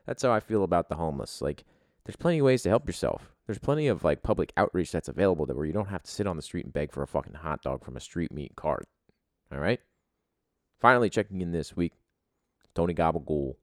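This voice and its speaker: A blunt man hosting a podcast casually and swearing freely. His voice is very deep. The sound is dry and close. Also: expressive, quick pace, no echo. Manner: blunt, profane opinions. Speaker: podcast host.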